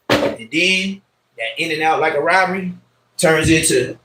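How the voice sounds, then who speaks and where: A man casually telling stories on a livestream, slangy and streetwise, swinging between loud bursts and mumbled asides. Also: fairly high pitch, a little slow, low-quality recording. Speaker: livestream host.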